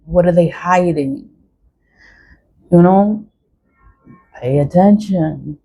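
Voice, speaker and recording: A woman's voice: fairly low pitch, takes it slowly, lo-fi sound. A woman ranting to the camera in a blunt, profane, defiant way, repeating her phrases and laughing between lines. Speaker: vlogger.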